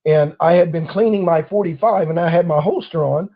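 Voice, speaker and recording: A man's voice: fairly high pitch, fairly quick, muffled recording. A man hosting a casual talk, telling a long personal story and acting out the voices of people in it. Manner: animated storyteller acting out quoted officers. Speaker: host.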